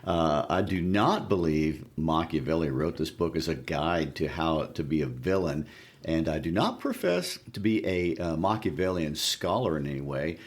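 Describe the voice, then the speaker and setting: A man with a very low, deep voice co-hosts a book discussion podcast. He talks in a relaxed, unhurried way, often pausing on small fillers as he gathers his thoughts. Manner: relaxed, hesitant with frequent fillers. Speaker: podcast co-host. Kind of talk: casual literary discussion.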